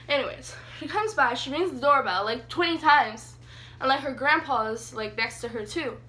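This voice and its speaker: A young woman telling a story in a casual vlog, chatty and animated with lots of fillers. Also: high-pitched, moderate pace. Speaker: vlogger. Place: sitting on the floor indoors.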